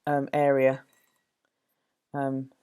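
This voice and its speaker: A woman demonstrating a watercolour painting, musing aloud as she works, with many pauses and self-corrections. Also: very deep voice, completely flat delivery, warm tone, smooth. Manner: thoughtful, musing, full of fillers and self-corrections. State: slightly out of breath at times. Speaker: art teacher.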